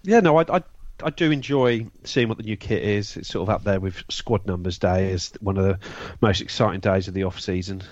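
A man's voice: fairly low pitch, brisk, darkish tone, no echo. A man giving his views on a football podcast, opinionated with stumbling restarts. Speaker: podcast co-host. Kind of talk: casual football podcast chat. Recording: dull, slightly lo-fi sound.

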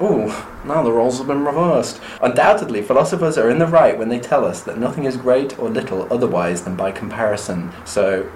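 A man co-hosts a podcast and retells a book in a dry, wry manner. His mid-pitched voice has a roomy echo. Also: a little hiss or hum. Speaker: podcast co-host.

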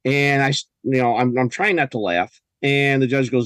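A podcast guest who lives in a US state tells stories in a casual, conversational way, sounding emphatic and indignant and restarting often. His voice is medium in pitch and a bit bright, moving at a moderate pace with few pauses. The recording is dry.

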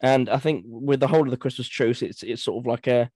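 A man co-hosting a history podcast, telling anecdotes in a relaxed, filler-laden way. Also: mid-range voice, fast, slightly rough, no room sound. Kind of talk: casual conversation.

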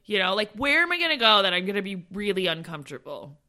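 A woman co-hosting a podcast, chatting casually and teasing her friend with animated stories. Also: mid-range voice, fast talker. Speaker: podcast co-host. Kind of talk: casual chat.

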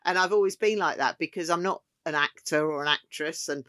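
A middle-aged woman from England, a chef guest, chatting casually and telling stories with quick laughs. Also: low-pitched, a bit bright, dry recording, studio quality. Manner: chatty storyteller with quick laughs, acts out quotes. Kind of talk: casual interview chat.

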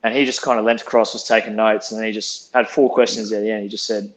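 A man from Zimbabwe, a podcast guest telling stories in a relaxed way and laughing along. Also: lowish voice, quick pace, hardly any pauses. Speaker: podcast guest, rugby player. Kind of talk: casual storytelling.

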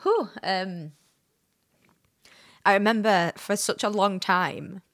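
A woman co-hosting a podcast, crying as she haltingly tells a painful personal story over a video call. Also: mid-range voice, fairly bright tone, dry recording, clean studio sound. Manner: hesitant, halting, self-deprecating laughs. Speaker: podcast co-host.

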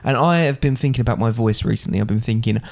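A man's voice: mid-range voice, fast talker, a little mellow. A man in his twenties hosting a podcast in a playful, jokey, chatty way. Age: 20s. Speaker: podcast host. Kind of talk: casual chat.

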